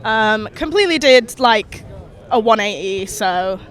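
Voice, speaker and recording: A woman's voice: a little high, animated, measured pace, fairly bright tone. A young woman chatting frankly and matter-of-factly in an outdoor interview. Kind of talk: casual chat. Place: outdoors in a city park.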